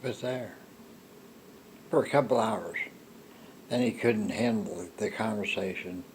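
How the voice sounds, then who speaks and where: An older man telling a personal story in a slow, rambling monologue, halting with restarts. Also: on the low side, slight background noise. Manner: halting, with restarts and soft laughs. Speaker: storyteller recounting a personal encounter.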